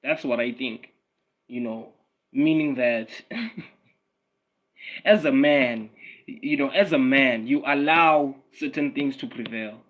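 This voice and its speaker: A Swati-speaking South African YouTube streamer rants casually and profanely on a livestream, repeating himself and laughing often. His mid-range, fairly bright voice moves at a slow pace with frequent pauses. The recording quality is rough.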